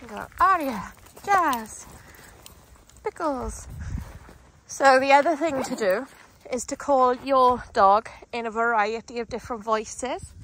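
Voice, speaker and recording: A woman dog trainer demonstrating outdoors, explaining calmly between bursts of high, excited calls to her dogs. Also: a little hiss or hum. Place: outdoors on grass.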